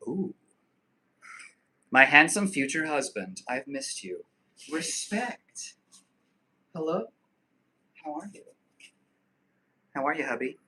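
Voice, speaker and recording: A man's voice: mid-range voice, bright, forceful tone. A man in his thirties hosting a casual live stream, reading viewer comments aloud and joking loosely with frequent swearing. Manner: loose, joking and profane, with quick asides. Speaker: livestream host.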